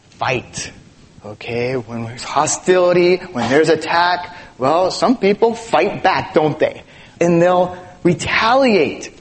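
A middle-aged man from East Los Angeles preaches to his congregation in a fairly high voice. His pitch rises and falls with lively animation, and he keeps things conversational with rhetorical questions. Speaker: pastor. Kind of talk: sermon.

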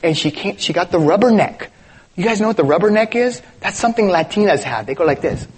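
Animated, lively-pitched male pastor preaching. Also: quick pace, slight background noise. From East Los Angeles, US. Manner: animated, conversational preaching with rhetorical questions. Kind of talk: sermon.

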